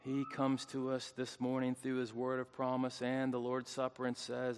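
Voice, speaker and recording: A man preaching a sermon as pastor, swinging between hushed, tender lines and loud, fervent calls. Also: mid-range voice, completely flat delivery, normal speed, few pauses, clear, resonant tone. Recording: long hall reverb.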